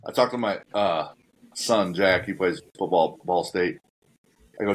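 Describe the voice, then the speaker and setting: Middle-aged man, very low voice, podcast host, direct coaching talk. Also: normal speed, breathy edge. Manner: coach-like, direct, lays out steps plainly. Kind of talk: casual podcast conversation.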